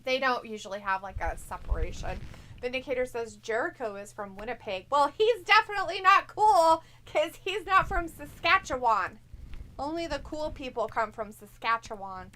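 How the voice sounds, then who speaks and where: A woman's voice: sits high, expressive, pushed and bright. A woman from the Upper Midwest co-hosting a live watch-along stream, chatting casually, teasing and giggling as she reads viewer comments aloud. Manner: giggly, teasing, quick reactions.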